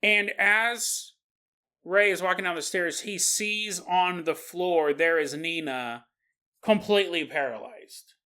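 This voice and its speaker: A man hosting a podcast who narrates a story in an animated way and acts out its characters. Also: sits high, takes it slowly, smooth. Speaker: podcast host.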